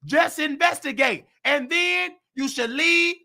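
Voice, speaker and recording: Speaking at a slow pace, a man with a very high, bright, sharp-edged voice delivers heated, indignant ranting commentary, breaking into shouts. He's a nursing aide and show host, and his voice is worn hoarse and giving out from all the shouting.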